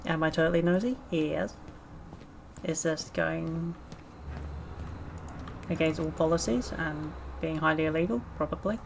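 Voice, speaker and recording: Gravelly woman streamer muttering playfully. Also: low-pitched, fairly even intonation, a little slow, pauses often. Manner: chatty, playful, muttering to herself. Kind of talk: casual let's-play commentary. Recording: streamed mic with clear noise.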